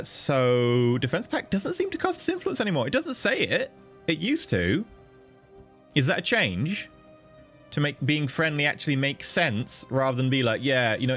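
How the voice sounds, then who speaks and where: Man, game streamer, casual chat, animated pitch, playful, faint background music. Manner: chatty, playful, thanks viewers, bursts into high excited pitch. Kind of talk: casual livestream commentary.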